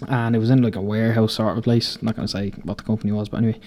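A man's voice: on the low side, level tone, rapid-fire, mellow. A young Irish man in his twenties hosting a podcast, telling rambling, profane stories from building sites and laughing through them. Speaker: podcast host. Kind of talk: casual storytelling.

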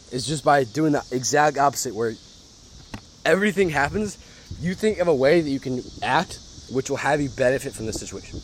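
A man's voice: medium pitch, slight background noise. A young adult man hosting a podcast, talking casually and emphatically, swearing and laughing often. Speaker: podcast host. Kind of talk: casual motivational monologue.

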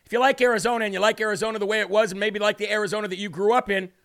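A man's voice: high-pitched, steady tone, racing, a bit bright, smooth. A man hosting a live political commentary show, emphatic and sarcastic, firing rhetorical questions at viewers. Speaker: host.

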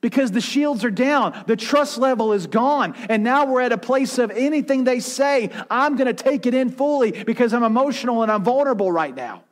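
High-voiced preaching pastor, man. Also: animated, brisk, hardly any pauses. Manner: preaching with rising intensity and dramatic quiet drops; acts out quoted voices in his retelling. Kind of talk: sermon.

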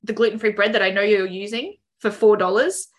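A woman's voice: medium pitch, fairly even intonation, brisk. A young Australian woman co-hosting a podcast, rambling casually with lots of fillers and laughing often. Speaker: podcast co-host. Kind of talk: casual chat.

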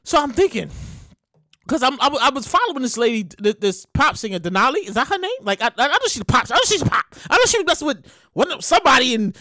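A man hosting a solo comedy podcast, ranting excitably and loudly, stammering and acting out quotes. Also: very high voice, fast, no room sound, studio quality. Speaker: podcast host.

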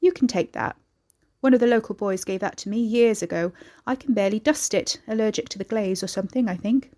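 A woman's voice: mid-range voice, fairly quick, a little mellow, natural voice. A woman reading aloud, putting on a shrewd, calculating older hostess with a faintly affected, probing manner. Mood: chatty.

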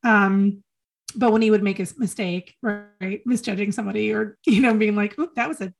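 A woman guest on an interview show, remembering a close friend in an earnest, halting way, often repeating phrases for emphasis. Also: medium pitch, fairly even intonation, vocal fry. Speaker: podcast guest. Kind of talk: emotional personal reminiscence.

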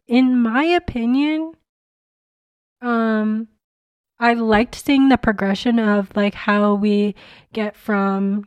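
A woman's voice: mid-range voice, a little mellow, clean tone, dry recording. A woman giving a casual, blunt spoken movie review, talking in a chatty way full of filler words.

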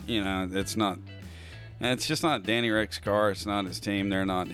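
Low-voiced American man joking on a podcast. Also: fairly even intonation, moderate pace, a bit bright, soft background music. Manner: joking, contrarian, slips into mock accents. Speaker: podcast co-host. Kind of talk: casual podcast banter.

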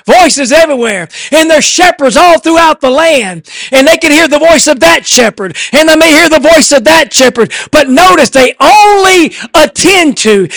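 A man preaching a sermon in a church, swelling to emphatic shouts and then dropping to a low, hushed delivery. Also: dry recording, clean studio sound.

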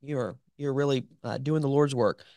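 A male host giving opinionated political commentary, sarcastic and animated, with mocking asides. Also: mid-range voice, moderate pace, no room sound.

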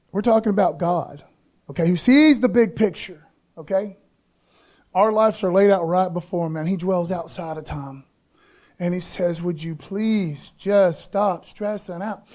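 A man's voice: sits high, darkish tone. A male pastor preaching a sermon in a loose, conversational way, tossing in "man" and "okay?" between his points.

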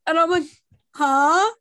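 A young woman with a high voice, chatting casually in an animated way. She says "like" often and reacts quickly to what she hears. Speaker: podcast co-host. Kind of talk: casual chat.

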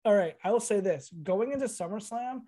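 A man's voice: high-pitched, lively intonation, a little fast, warm tone. A man co-hosting a podcast, rambling and swearing through casual chat, laughing often. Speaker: podcast co-host.

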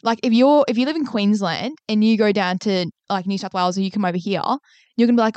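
A woman's voice: medium pitch, quick pace, darkish tone, no echo, muffled recording. Aussie girl in her 20s ramblin and swearin on a podcast, super dry close mic. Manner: sweary, rambling, laughs often. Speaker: podcast co-host. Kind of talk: casual chat.

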